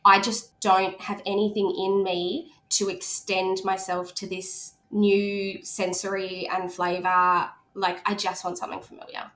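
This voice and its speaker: A woman in her thirties chats as a guest on a podcast. She tells lively stories and acts out the people she quotes. Her voice carries a noticeable echo from the room. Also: medium pitch, unhurried, few pauses. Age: 30s. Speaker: guest speech pathologist. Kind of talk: casual podcast chat.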